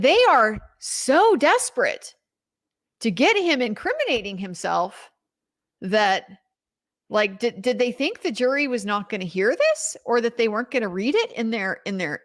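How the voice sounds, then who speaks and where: A woman's voice: on the high side, a bit bright. A young woman commenting on a trial in a casual recap, incredulous and emphatic, reading out quotes as she goes. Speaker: legal commentator.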